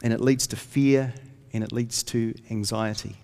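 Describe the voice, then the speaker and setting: Delivering a sermon at a moderate pace, this pastor has a medium-pitched, creaky, mellow voice with a steady tone. He tells stories earnestly and rises when reading scripture, all under long hall reverb.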